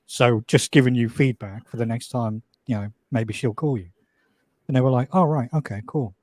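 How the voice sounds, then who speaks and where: A man's voice: mid-range voice, fairly even intonation, moderate pace, darkish tone, no room sound. A man from England telling a story in casual live stream chat, dry and matter-of-fact.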